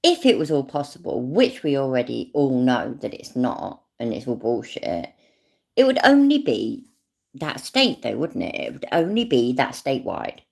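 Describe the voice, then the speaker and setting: A woman's voice: very deep voice, wildly swooping pitch, normal speed, vocal fry, a little mellow. A British woman giving casual, rambling commentary on a clip, sarcastic and swearing freely. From not American.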